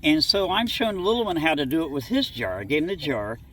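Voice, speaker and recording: A man's voice: a little high, very animated, fast talker, fairly bright tone. A middle-aged man from southwest Ohio telling a childhood story in an interview, folksy and rambling, acting out bits of dialogue. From southwest Ohio, USA. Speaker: interviewee recounting childhood encounters. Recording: distant mic, faint background noise.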